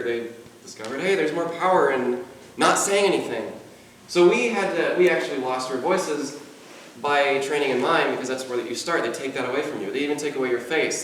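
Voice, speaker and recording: A man's voice: mid-range voice, a bit bright, slight background noise. A man on a convention panel, talking casually with a mild natural stutter and frequent repeated words. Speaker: convention panelist, mime performer. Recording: echoey hall, far from the mic.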